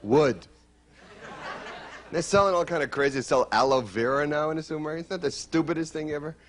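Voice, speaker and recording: A man's voice: on the high side, slight background noise. A man doing a stand-up routine on stage, teasing the crowd, then chatting with the host. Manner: quick, teasing banter with the crowd. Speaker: stand-up comedian. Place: stage before a live audience.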